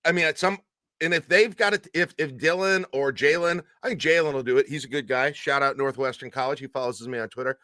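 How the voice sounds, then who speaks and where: Male sports podcast co-host, bright tone, joking, loose and rambling. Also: mid-range voice, a little fast, dry recording, clean studio sound. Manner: animated, jokey, rambling. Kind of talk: casual sports chat.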